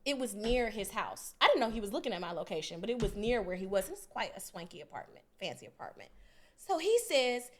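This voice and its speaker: Animated woman telling a heated story. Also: medium pitch, a little fast. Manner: animated, profane, acts out both sides of arguments. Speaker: podcast co-host. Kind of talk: casual storytelling.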